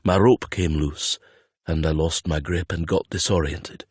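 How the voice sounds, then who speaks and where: A man voicing a calm older man who speaks in a low, reassuring rumble. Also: a little slow, breathy edge, no room sound.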